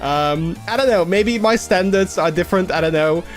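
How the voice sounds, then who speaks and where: Rambling young man streaming over soft music. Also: high-pitched. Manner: rambling, halting, many restarts and fillers; acts out quoted people in a raised voice. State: a little under the weather. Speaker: livestream host. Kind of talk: casual livestream chat.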